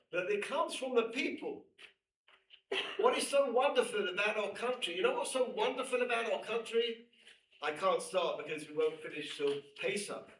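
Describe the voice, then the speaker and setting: Fast, animated male Torah teacher. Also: high voice, a little hiss or hum. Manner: animated, emphatic, repeats phrases, reads aloud in Hebrew. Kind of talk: lecture to students. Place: classroom. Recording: echoey room, mic at a distance.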